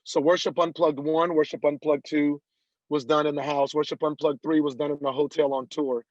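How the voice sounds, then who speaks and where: Man, guest on a podcast, animated storyteller, voice on the high side, dull lo-fi sound, dry. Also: brisk, no room sound. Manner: animated storyteller who acts out quoted dialogue. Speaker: guest, country singer. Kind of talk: casual interview storytelling.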